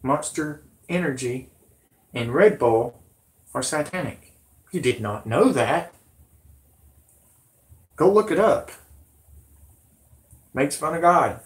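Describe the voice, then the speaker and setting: A man's voice: a little high, animated, takes it slowly, long pauses. A man hosting a vlog, ranting in a rambling, indignant way and swearing. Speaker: vlog host.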